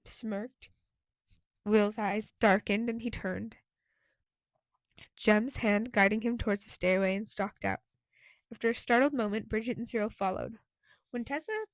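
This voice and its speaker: A woman reads an audiobook in a steady, clear voice. Her pitch sits slightly high. The recording is close and dry, with no room echo. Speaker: audiobook narrator. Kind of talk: audiobook narration.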